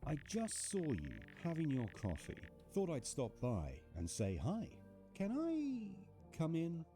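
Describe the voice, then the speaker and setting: A man's voice: fairly high pitch, huge pitch swings, takes it slowly, mellow, faint music behind, exaggerated voice. A man voicing an overly friendly, pushy old male neighbor in a horror game, with an apologetic, sing-song delivery.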